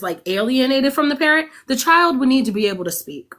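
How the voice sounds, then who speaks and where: A woman's voice: a little high, lively intonation, brisk, few pauses, fairly bright tone. A woman venting on her livestream in blunt, heavily profane casual talk. She is emphatic and keeps asking her viewers whether they follow her. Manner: emphatic, asks the audience for agreement. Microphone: streaming setup.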